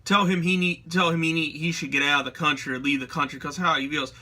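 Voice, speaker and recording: Man, young adult, angry ranting vlogger, cursing constantly, piercing bright tone. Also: on the high side, expressive, fast talker, hardly any pauses. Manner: heated, swearing, slangy. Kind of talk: profane ranting commentary.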